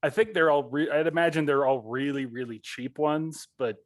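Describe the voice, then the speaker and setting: Quick-witted man playing a tabletop game. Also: a little high, dry recording. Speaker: player. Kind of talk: casual tabletop role-play.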